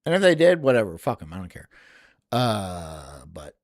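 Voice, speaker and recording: A streamer rants through a casual live-stream reaction, swearing freely and breaking into laughs. The pitch swings widely from remark to remark, and the sound is close and dry with no room around it. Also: sing-song, normal speed, a little mellow, no echo. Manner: profane, ranting and venting with frequent swearing; laughs often between remarks.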